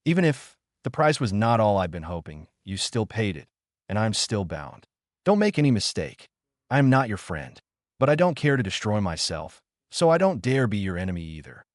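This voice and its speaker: Cruel gloating fox demon, higher than the guy doing it's own voice, dry close sound, storybook reading. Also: sing-song, moderate pace, no echo. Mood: mocking. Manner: taunting, gloating.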